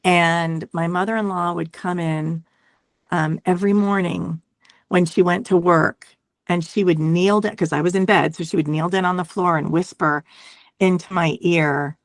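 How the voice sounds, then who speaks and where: Low-voiced woman, reflective and halting. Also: steady tone, no echo, studio quality. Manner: reflective, halting, many restarts and "right?" tags. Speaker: guest. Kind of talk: conversational interview.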